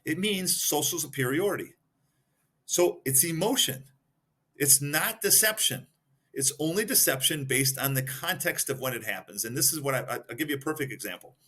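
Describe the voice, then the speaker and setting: A man's voice: mid-range voice, fairly bright tone, breathy edge. A man talking as a guest expert on a podcast, explaining points one by one and giving examples. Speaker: guest expert in behavioral analysis.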